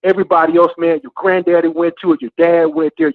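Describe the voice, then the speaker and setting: A man's voice: fairly high pitch, very animated, fast talker, vocal fry, dry recording. A man calling in to a talk show, ranting with frustration and passion and repeating "man" again and again. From Florida A&M alumnus. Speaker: caller. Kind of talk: heated call-in rant. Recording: tinny phone line.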